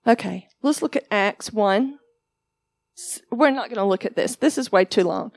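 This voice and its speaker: A woman teaching a sermon, telling her testimony in an animated storytelling way and acting out other people's voices. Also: medium pitch, normal speed, creaky, no room sound. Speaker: ministry teacher.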